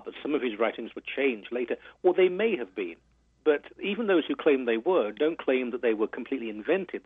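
British male guest author, earnest and measured, husky voice, dry phone-line sound. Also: mid-range voice, no room sound. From England. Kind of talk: radio interview.

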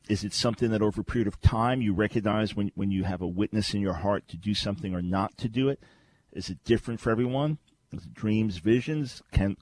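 On a studio microphone, a man hosting a Christian call-in radio show speaks in a lowish voice with a darkish tone. He teaches in an earnest, conversational style, frequently starting his sentences over.

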